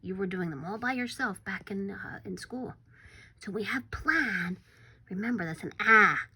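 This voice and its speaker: A woman teaching a recorded phonics lesson to young children, slow and encouraging, sometimes dropping to a whisper for suspense. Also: mid-range voice, sharp tone, slightly rough.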